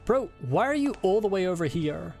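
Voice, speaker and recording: A man's voice: sits high, sing-song, fairly quick, vocal fry, a little mellow, soft background music. A man casually commentating his game playthrough, laid-back and swearing freely. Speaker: gaming channel host.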